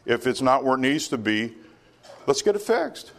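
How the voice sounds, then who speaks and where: A man's voice: medium pitch, big pitch swings, normal speed. A male pastor preaching a sermon, emphatic, with many rhetorical questions and stammered restarts.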